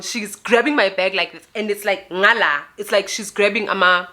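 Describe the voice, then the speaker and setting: Storytime vlogger: South African woman, bright and animated. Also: mid-range voice, moderate pace. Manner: animated, dramatic storytelling with filler tags. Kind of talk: storytime vlog.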